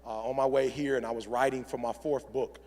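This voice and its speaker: A middle-aged man giving a motivational convention speech in a preacherly style, building from quiet to shouted fervor. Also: mid-range voice, little pitch movement, a little fast. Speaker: motivational speaker. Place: large convention hall. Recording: live hall reverb.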